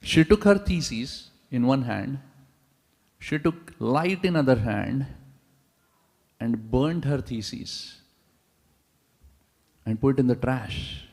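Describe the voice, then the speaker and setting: A man preaches to a congregation, telling his stories with animation and tossing rhetorical questions at the listeners. His voice has a gravelly texture and rings with the long reverb of a large temple hall. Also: mid-range voice, slow, long pauses. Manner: animated storyteller, asks the audience rhetorical questions. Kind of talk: sermon with storytelling.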